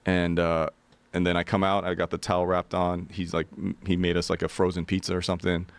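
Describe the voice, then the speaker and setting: A man with a low, gravelly voice tells a story casually, swearing freely and acting out the other people's lines. The sound is close and dry, with no room echo. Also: brisk. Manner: animated, profane, acts out quotes.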